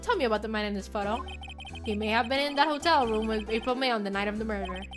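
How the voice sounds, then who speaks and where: A woman's voice: on the high side, fast talker, music in the background, natural voice. A woman voicing a young male defense lawyer who questions witnesses with dry asides. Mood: probing.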